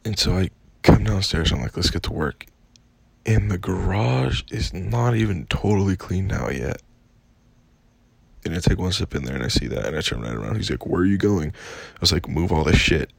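A young man venting in a casual storytime rant, profane and exasperated, with a gravelly, husky voice. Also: sits low, animated, normal speed, no room sound. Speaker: vlogger.

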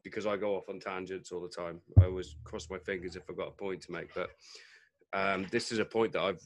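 Low-voiced podcast host. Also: male voice, steady tone, brisk. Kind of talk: casual podcast chat.

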